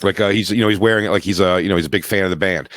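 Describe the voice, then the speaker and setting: A man's voice: low voice, steady tone, rapid-fire, fairly bright tone, no echo. A man hosting a podcast, chatting casually and wryly, telling a rambling story. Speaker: podcast host. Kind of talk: casual chat.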